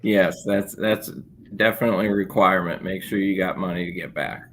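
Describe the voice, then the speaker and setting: Low-pitched host guy, bright forward voice, short yeahs and mm-hmms. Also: fairly even intonation, brisk, a little hiss or hum. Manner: brief affirming replies. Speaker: podcast host. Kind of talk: casual interview chat.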